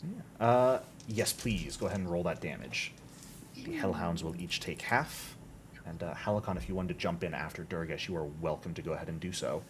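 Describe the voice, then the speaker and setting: A man running a tabletop game online as game master, explaining rules in a relaxed, chatty way with plenty of fillers. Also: low-pitched, moderate pace, slight background noise.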